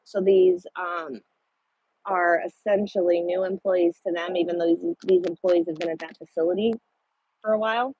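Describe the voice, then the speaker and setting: Blunt husky woman trucker chatting to viewers. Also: fairly low pitch, steady tone, moderate pace, darkish tone, no room sound, muffled recording. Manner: blunt, swears freely. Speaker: truck driver. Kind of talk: casual livestream chat with viewers.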